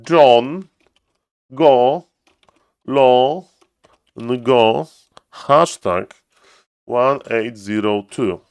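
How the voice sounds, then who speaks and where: A man streaming a strategy game, giving excitable casual commentary and repeating himself playfully. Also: mid-range voice, extremely slow, long pauses, clear, resonant tone, no echo.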